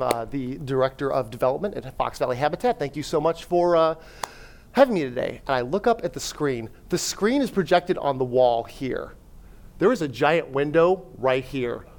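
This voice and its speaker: A man giving a sermon-style talk, telling a personal story in an animated way, with fillers and acted self-talk. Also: a little high. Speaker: speaker at a church.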